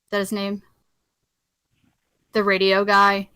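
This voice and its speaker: A woman's voice: medium pitch, completely flat delivery, slow, pushed and bright, clean tone, no room sound. A woman chatting casually on a group video call, rambling and laughing often.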